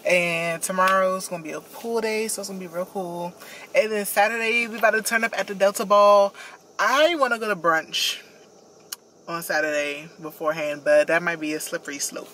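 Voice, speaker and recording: A woman's voice: mid-range voice, steady tone, normal speed, pushed and bright. Chatty young woman vlogging with background noise. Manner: chatty and effusive, lots of "like" and "y'all". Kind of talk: casual vlog talk to camera.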